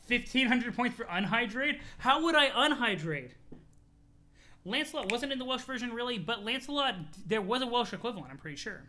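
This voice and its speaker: A streamer casually chatting with viewers and reading a webcomic aloud, in an animated, chatty way with casual swearing. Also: mid-range voice, brisk. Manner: thanks chat followers, talks to viewers.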